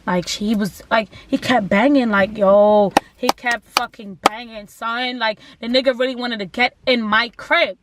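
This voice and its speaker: A young woman with a high-pitched voice tells a story in a casual vlog. She is animated, packs her speech with slang and profanity, and leans on "like" as filler. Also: brisk, hardly any pauses. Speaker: vlogger.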